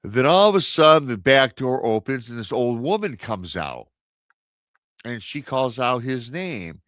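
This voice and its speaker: A man's voice: medium pitch, big pitch swings, measured pace, a bit bright, no room sound, clean studio sound. A man telling a spooky story in a casual, rambling way on a radio show, repeating words and acting out the dialogue.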